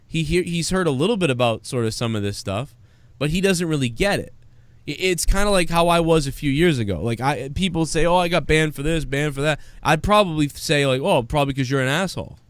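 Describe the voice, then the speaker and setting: A man's voice: fairly high pitch, expressive, brisk, smooth, no echo. A man hosting a live stream, chatting casually, rambling and swearing, and reading out viewer donations. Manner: rambling, profane, reads out donations. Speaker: show host.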